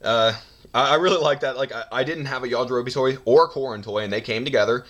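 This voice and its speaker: A man's voice: medium pitch, quick pace, fairly bright tone. A young man rambling casually about his toy collection in his bedroom, with many fillers and restarts and goofy asides, recorded on a camera mic. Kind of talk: casual rambling video tour. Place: home bedroom, indoors.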